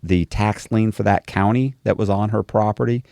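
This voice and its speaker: A man's voice: lowish voice, moderate pace, creaky, no room sound, studio quality. A man being interviewed, telling a long story in a casual way and acting out the voices of the people in it. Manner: animated storyteller, acts out quoted dialogue. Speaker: interview guest.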